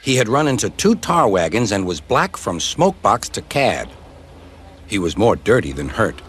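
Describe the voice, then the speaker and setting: A man reading children's train stories aloud in a lively storybook narration. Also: moderate pace, slight background noise. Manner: lively, jumps high for characters' cries. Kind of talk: storybook narration with character voices. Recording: music playing behind.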